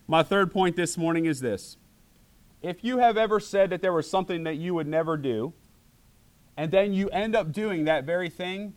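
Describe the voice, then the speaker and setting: Animated male pastor preaching. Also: high voice, moderate pace. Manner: animated, acts out voices in quotes. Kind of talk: sermon.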